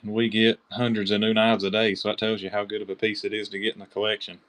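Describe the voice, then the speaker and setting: A man's voice: fairly low pitch, fast talker. Chatty Kentucky man auctioning knives live. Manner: chatty, excited, calls out bidders by name. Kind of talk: live-stream auction selling.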